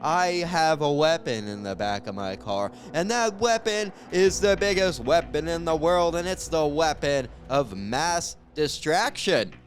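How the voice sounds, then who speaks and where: High animated comedian man. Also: unhurried, few pauses. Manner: animated, jumps between voices for characters. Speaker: stand-up comedian. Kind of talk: improvised stand-up storytelling.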